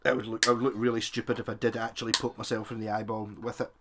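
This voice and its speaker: Talking fast in a fairly low, flat voice, this man keeps up chatty, self-mocking commentary while working on a guitar. He's a guitar tinkerer and video maker thinking aloud as his hands stay busy, with background noise in the recording.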